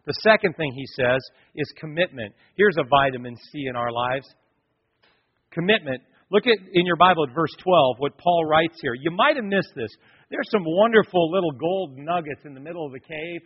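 Husky-voiced preacher in a reverberant hall. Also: male voice, a little high, animated, moderate pace. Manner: dramatic storytelling preacher, addresses the congregation directly. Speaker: pastor. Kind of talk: sermon. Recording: dull lo-fi sound with long hall reverb.

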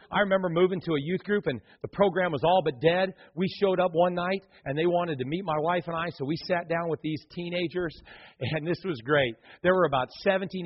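A middle-aged man preaching a sermon, telling stories dramatically and swinging from hushed tones to loud, fervent appeals. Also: a little high, husky. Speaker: pastor. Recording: dull lo-fi recording.

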